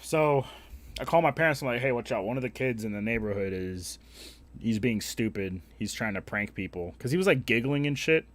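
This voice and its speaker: A young man streaming a game, telling a story in a blunt, heavily profane, animated way. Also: mid-range voice, brisk. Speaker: live streamer. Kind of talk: casual storytelling while gaming.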